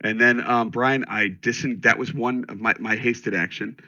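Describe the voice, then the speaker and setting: A man playing in an online tabletop game, talking casually and bursting into loud enthusiasm. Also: medium pitch, fairly even intonation, normal speed, dry recording, highs cut off. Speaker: player.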